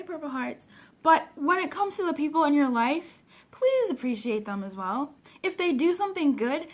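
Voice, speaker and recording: A woman from Africa working as a personal development coach, talking earnestly and emotionally to viewers on a casual live stream and answering their comments, recorded at home on a webcam. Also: high voice.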